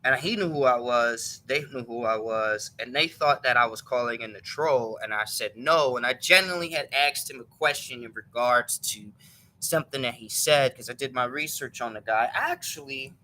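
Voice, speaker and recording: Male host, very bright tense timbre, loose rambling storyteller who keeps correcting himself. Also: medium pitch, animated, normal speed, rough recording. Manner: rambling, self-correcting, chuckling retelling. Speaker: show host. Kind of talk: casual storytelling.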